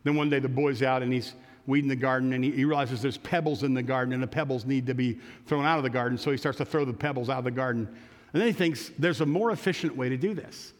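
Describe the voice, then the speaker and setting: A male pastor telling a story during a sermon, animated and with frequent restarts. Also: mid-range voice, fast. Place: church sanctuary. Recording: long church reverb.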